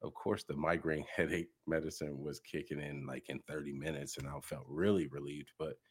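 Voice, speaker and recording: A man co-hosting a podcast in easygoing casual chat, often pausing with fillers as he searches for words. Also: extremely low pitch, lively intonation, creaky, husky.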